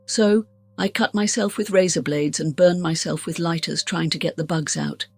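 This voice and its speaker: Gravelly, husky woman telling her story. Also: on the low side, fairly even intonation, normal speed, dry recording. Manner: frank, blunt and self-mocking, voices her past self with urgency. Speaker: guest sharing a near-death testimony. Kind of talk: candid personal storytelling in an interview.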